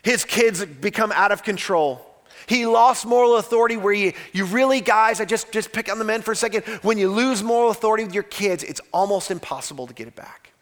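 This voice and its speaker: High-voiced male pastor preaching. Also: brisk. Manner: dramatic retelling, swings from loud to hushed. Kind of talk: sermon.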